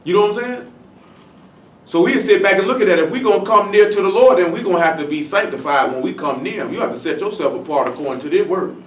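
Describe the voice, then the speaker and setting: A man preaching a Bible-study sermon in a casual, blunt way, full of slang and rhetorical questions, and slowing down to stress the scripture he reads. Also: sits high, expressive, crowd noise. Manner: slow, stressed reading of scripture. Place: congregation meeting room. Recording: echoey room from a distant mic.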